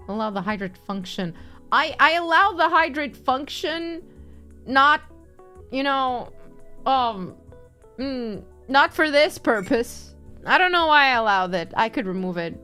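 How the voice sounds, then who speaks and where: A woman's voice: high voice, pushed and bright. A young woman streamer in a casual chat stream, reading chat and answering in a playful, teasing way, laughing often. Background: faint background music.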